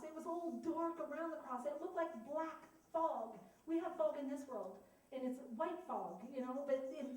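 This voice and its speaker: A woman's voice: high-pitched, a little mellow. Woman, earnest emotional testimony; distant mic, roomy echo. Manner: earnest, emotional, acts out her own thoughts. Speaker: storyteller giving a testimony. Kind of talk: personal dream testimony. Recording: echoey room from far off.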